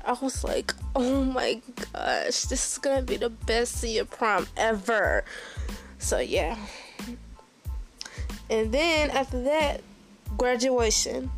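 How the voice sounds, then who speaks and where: Slow, gushing young woman. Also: on the high side. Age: young adult. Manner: repeats "oh my gosh", halting restarts. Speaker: recent high school graduate. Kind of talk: casual personal update.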